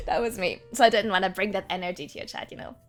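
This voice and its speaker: A woman's voice: medium pitch, steady tone, quick pace, soft background music. A woman streamer chatting casually with her viewers, laughing often and rambling with restarts.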